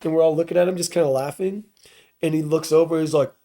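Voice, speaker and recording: A man's voice: fairly high pitch, fairly even intonation, quick pace, dark tone. A man guesting on a podcast, telling a tour story in a loose, profane, rambling way full of "like" fillers. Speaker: podcast guest, touring band musician. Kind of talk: casual storytelling.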